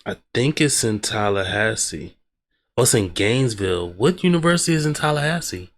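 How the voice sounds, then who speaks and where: A man's voice: medium pitch, lively intonation, a little fast. A man hosting a reaction video, teasing in slangy casual commentary. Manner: slangy, teasing, says "bruh" often.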